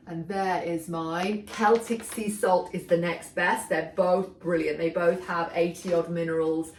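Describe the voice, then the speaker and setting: A woman's voice: fairly low pitch, slight background noise. A middle-aged woman, chatting enthusiastically as she demonstrates a recipe in her home kitchen. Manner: chatty, enthusiastic, talks while working. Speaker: cooking show host. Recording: echoey kitchen, mic far off. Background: clattering dishes and pans.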